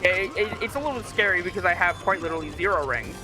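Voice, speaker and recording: A man narrates his game run in a relaxed, rambling way, stopping often for "uh" and "um". His voice sits a little high. Game music plays clearly underneath. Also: fast. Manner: laid-back, filler-heavy explaining. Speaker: speedrunner. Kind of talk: casual live game commentary.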